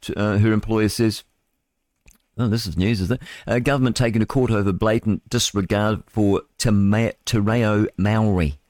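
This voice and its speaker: Rambling New radio host, low and dry. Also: male voice, fairly even intonation, moderate pace, darkish tone, no room sound. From New Zealand. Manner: rambling, opinionated, chuckles and mock voices; stumbles over words while reading headlines aloud. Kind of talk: live talk radio, reading and riffing on news.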